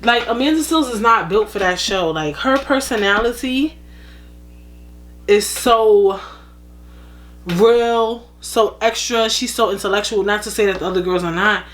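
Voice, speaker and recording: A woman vlogger giving casual gossip commentary, animated, blunt and profane. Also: mid-range voice, measured pace.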